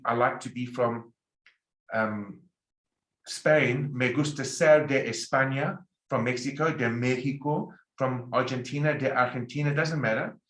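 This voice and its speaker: A man's voice: on the high side, fairly bright tone. Emphatic male Spanish teacher, echoey room. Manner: slow, emphatic drilling with repeated example phrases. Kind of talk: recorded language lecture.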